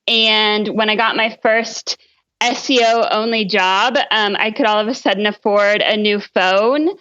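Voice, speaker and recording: Woman guest expert, smooth clear voice, relaxed storyteller, slightly dull line. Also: medium pitch, unhurried. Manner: relaxed storytelling with frequent ums. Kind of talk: podcast interview.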